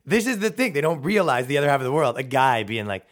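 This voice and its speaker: A man's voice: medium pitch, big pitch swings, fast. A man hosting a comedy podcast, riffing in a rambling, profane, sarcastic way. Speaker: podcast host.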